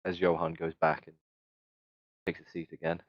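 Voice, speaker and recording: A man's voice: extremely low pitch, monotone, moderate pace, no room sound, dull audio. A man playing in a tabletop role-playing session, brash and joking, swearing freely. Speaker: player. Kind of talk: casual tabletop game chat.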